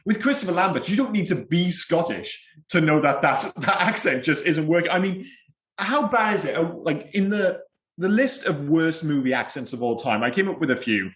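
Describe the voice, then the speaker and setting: A man's voice: a little high, lively intonation, moderate pace, a bit bright. Roomy-sounding man, blunt opinions. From Wales. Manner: candid, blunt, rambling opinions. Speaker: podcast co-host. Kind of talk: casual film podcast chat. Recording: roomy echo.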